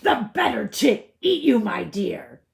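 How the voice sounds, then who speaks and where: A woman's voice: medium pitch, lively intonation, vocal fry, exaggerated voice. A woman voicing a greedy, wicked male wolf in a storybook read-aloud, smug and drawing out his words. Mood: sly. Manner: smug, relishing, drawn-out words.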